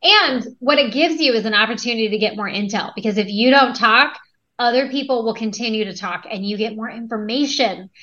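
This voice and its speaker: A woman's voice: a little high, fairly quick. A woman in her thirties, a podcast guest, talking energetically and acting out quoted lines as she tells stories. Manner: energetic, storytelling with quoted dialogue. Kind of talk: conversational interview. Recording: dull lo-fi audio.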